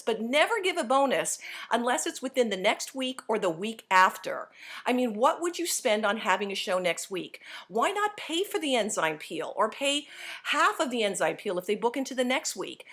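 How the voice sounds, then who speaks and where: A middle-aged woman delivers a motivational sales pep talk with energy and emphasis. Her fairly high voice leaps around in pitch as she drives each point home. She sounds firm and direct while she urges her listeners to act. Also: a bit bright. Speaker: sales team leader coaching consultants.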